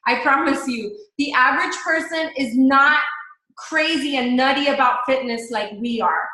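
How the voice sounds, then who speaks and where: A woman's voice: sits high, normal speed, pushed and bright, heavy reverb, poor audio. A woman in a chatty, upbeat coaching talk on a live video call, speaking straight to her team. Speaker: network marketing coach.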